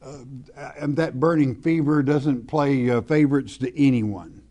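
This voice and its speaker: A man preaching a sermon verse by verse, reading scripture slowly with emphasis and then explaining it in a folksy way, often asking the listener questions. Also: mid-range voice, warm tone.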